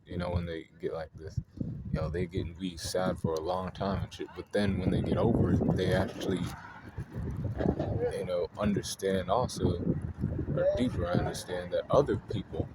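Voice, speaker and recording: A man with a very deep voice talks off the cuff about astrology, rambling and slangy, with plenty of "you know" and "like". Loud noise and passing vehicles sit behind him. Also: moderate pace. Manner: rambling, loose and slangy, many fillers. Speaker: astrology vlogger. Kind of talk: casual off-the-cuff talk.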